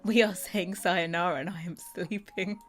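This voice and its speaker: A woman's voice: fairly low pitch, steady tone, moderate pace, faint music behind. A tired British woman chatting casually with her live stream, rambling and giggling and muttering to herself while she works. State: tired and yawning. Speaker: Sims custom content creator streaming.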